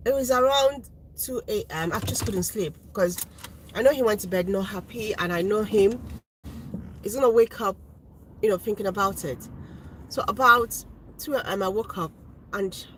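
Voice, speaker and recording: A woman's voice: medium pitch, normal speed, pauses often, slight background noise, poor audio. A woman speaking as a mother, earnestly recounting a family episode in casual storytelling with many restarts. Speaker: parent telling a story.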